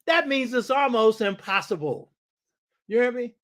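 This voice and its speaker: A man's voice: very high voice, expressive, unhurried, a bit bright. A man hosting and lecturing on history and culture, emphatic and preacherly, stressing his points by repeating them and throwing rhetorical questions at the listener. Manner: repeats key phrases for stress. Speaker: host and lecturer.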